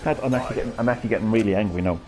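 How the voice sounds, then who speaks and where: Sweary gamer ranting over game music. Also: male voice, lowish voice, racing. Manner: excitable, profane, sarcastic trash talk. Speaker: gaming streamer. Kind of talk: live gameplay commentary.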